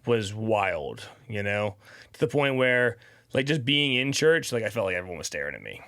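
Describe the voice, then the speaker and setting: A man's voice: on the low side, sing-song, normal speed, gravelly, a bit bright, no echo, clean studio sound. A man guest on a podcast, telling a personal story in a rambling, casual way, full of "you know" and "like". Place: studio.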